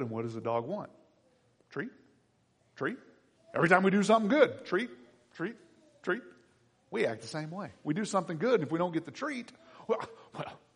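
A man preaching a sermon as pastor, animated, swinging between loud emphatic lines and quiet asides, acting out everyday voices as he goes. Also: a little high. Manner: acts out everyday voices in quotes. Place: church sanctuary. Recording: husky voice in a reverberant hall.

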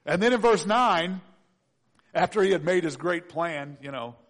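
High-voiced pastor telling a story. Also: male voice, normal speed. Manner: animated, conversational, asks the audience questions. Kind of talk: storytelling sermon.

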